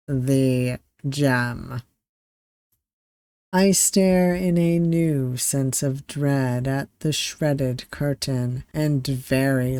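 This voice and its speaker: Game streamer narrating a visual novel, very slow and deliberate, dry recording. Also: medium pitch, darkish tone, no room sound. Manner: slow, deliberate reading with asides. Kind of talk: reading a visual novel aloud.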